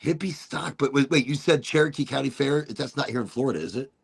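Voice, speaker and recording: Gravelly, rambling male podcast host. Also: mid-range voice, fast. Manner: rambling, enthusiastic, playful asides. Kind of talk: casual livestream chat.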